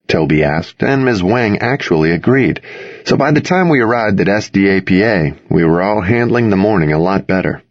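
A man with a low, slightly husky voice tells a first-person story in an intimate, expressive way. His pitch moves freely through the lines. The recording is dry, with no room sound, and a little dull and muffled. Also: no echo. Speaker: audiobook narrator. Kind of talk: first-person audiobook narration.

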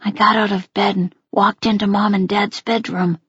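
A woman reading a first-person story aloud in a slow, quiet and intimate way. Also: medium pitch, level tone, breathy edge, dry recording, dull audio. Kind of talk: scripted audiobook narration.

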